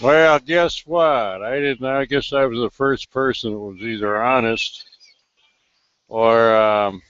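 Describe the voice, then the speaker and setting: A man's voice: mid-range voice, slow pace, a bit bright, clean tone, highs cut off. A man hosting a call-in radio show, chatting conversationally. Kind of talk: casual call-in chat.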